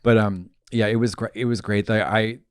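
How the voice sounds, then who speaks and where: A man's voice: lowish voice, fairly even intonation, moderate pace, clean tone, no room sound, studio quality. A man co-hosting a podcast, talking frankly and rambling in casual chat. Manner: frank, rambling, lots of fillers. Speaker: podcast co-host.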